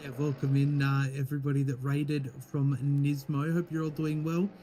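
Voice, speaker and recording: A man's voice: fairly high pitch, little pitch movement, moderate pace, mellow, a little hiss or hum. A man co-commentating a sim race, welcoming viewers and explaining the qualifying format.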